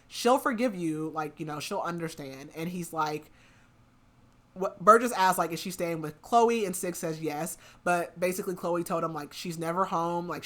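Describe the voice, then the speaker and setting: A woman podcast host casually recapping a book's plot, half-acting the characters' lines and saying "like" a lot. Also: lowish voice. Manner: animated retelling with lots of "like", half-acting the quotes.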